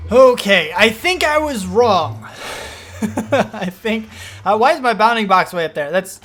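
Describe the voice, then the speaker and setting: A man commenting on his own gameplay as he plays, rambling through explanations and breaking into panicky, excitable outbursts. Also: sits high. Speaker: gaming video host.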